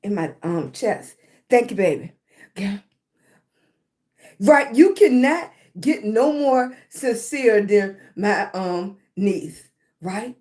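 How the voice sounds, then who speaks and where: A woman's voice: medium pitch, expressive, slow, darkish tone. A woman talking on a live stream about self-love, congested in the chest, often asking "right?". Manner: repetitive, keeps asking "right?". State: chest congestion, clearing her throat. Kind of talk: motivational live-stream talk.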